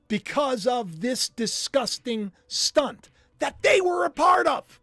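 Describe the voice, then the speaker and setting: Animated, mocking male livestream host. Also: extremely high pitch, no room sound, faint music behind. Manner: animated and mocking, muses aloud with drawn-out hums. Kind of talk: live commentary on news clips.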